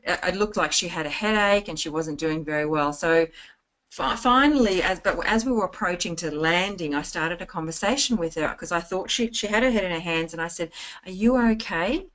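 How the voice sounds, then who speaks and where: A woman giving an informal sales training talk, full of anecdotes, chatty and lively, restarting her phrases often. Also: fairly low pitch, fairly quick. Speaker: network marketing trainer.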